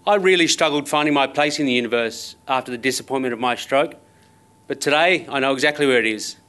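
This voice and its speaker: On a conference stage, an Australian motivational speaker in his thirties delivers a keynote in a fast, smooth, sharp-toned mid-range voice. He shares personal stories conversationally, with wry, self-deprecating humour.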